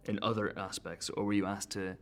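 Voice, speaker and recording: A male interviewer with a fairly low voice who talks quickly. His questions are chatty and playful, and he laughs a lot. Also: flat delivery, fairly bright tone. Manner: chatty, jokey, laughs often.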